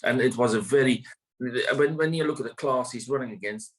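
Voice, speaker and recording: A man's voice: mid-range voice, brisk, poor audio. A man, a greyhound trainer, talking casually in an interview, rambling with many fillers and restarts.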